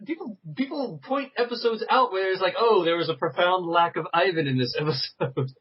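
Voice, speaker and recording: A man co-hosting a casual podcast chat, teasing his guest and quick to laugh. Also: sits high, breathy edge, highs cut off.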